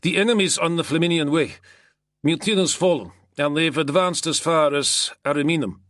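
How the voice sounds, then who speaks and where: A man's voice: fairly high pitch, normal speed, fairly bright tone, no echo, clean studio sound, voice pushed up, lightly acted. A man voicing a blunt Roman soldier who delivers war news emphatically. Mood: urgent.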